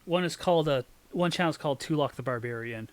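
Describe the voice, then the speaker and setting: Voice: mid-range voice, quick pace. A co-host chatting casually about online channels, with many fillers and restarts. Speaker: podcast co-host. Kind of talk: casual chat.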